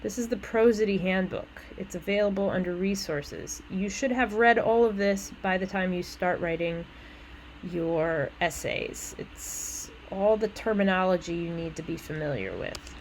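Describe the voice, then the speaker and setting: A woman college English instructor walks through essay instructions in a conversational way, with casual asides and quick self-corrections. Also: on the low side, a little hiss or hum, low-quality recording.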